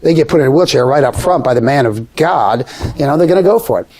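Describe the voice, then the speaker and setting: A man tells a story in a relaxed interview, his voice sitting at a mid pitch. He is animated and brings the people in his tale to life by jumping up in pitch when he quotes them. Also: quick pace. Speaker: guest storyteller. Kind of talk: conversational storytelling.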